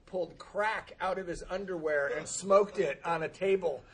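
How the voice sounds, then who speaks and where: A man's voice: high-pitched, moderate pace, a bit bright, husky, low-quality recording. Self-mocking man telling his recovery story. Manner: self-deprecating, laughs through his own story. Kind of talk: humorous personal storytelling.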